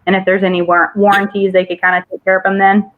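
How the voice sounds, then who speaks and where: A woman's voice: medium pitch, level tone, fast talker. Woman moderator on a tinny line. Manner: hesitant, many fillers. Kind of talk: reading audience questions.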